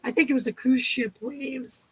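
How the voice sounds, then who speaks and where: A woman telling lively stories on a casual livestream chat and acting out the people in them. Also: high-pitched, normal speed, breathy edge. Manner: animated storyteller, acts out quotes. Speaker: guest storyteller.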